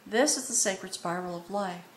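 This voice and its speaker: An earnest woman gives a tarot reading at a medium pitch for her sex, wandering from thought to thought and pausing to check in with her listener. She sounds faintly choked up, as if moved. The voice rings in a roomy, echoey space over a faint background hum. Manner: meandering, earnest, frequent "okay?" check-ins; emotional, a little choked up. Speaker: tarot reader. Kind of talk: spoken tarot reading to viewers. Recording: echoey room with faint ambience.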